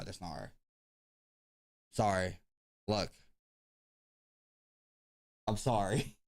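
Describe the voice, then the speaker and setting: A laid-back man with a lowish, darkish voice hosts a tournament stream. His commentary is casual live-stream talk, and he thinks aloud with lots of ums.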